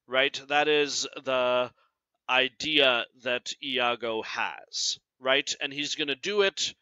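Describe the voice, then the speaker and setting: A male teacher giving a recorded class lecture, explaining slowly and ending nearly every point with "right?". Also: fairly high pitch, pushed and bright, clear, resonant tone, dry recording. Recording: dull lo-fi sound.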